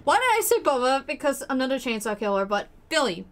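A woman streaming a game from home, excitable, swearing and laughing as she plays. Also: sits high, fast talker. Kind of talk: live game commentary.

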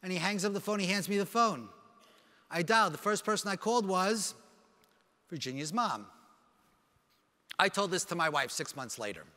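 A man with a high, bright, forceful voice gives a keynote talk from a stage. He tells a personal story with animated energy and briefly plays each person in it. His voice rings with the long reverb of a big conference hall. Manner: animated, acts out dialogue with quick voice changes. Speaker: keynote speaker. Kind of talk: dramatic personal storytelling speech.

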